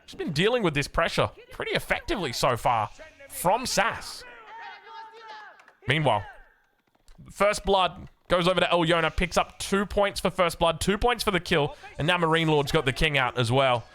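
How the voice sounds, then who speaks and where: A young Australian man casting a strategy video game match, getting excited and rising in pitch as the action picks up. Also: moderate pace. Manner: excitable, rises sharply when action picks up. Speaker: game caster. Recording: faint music behind.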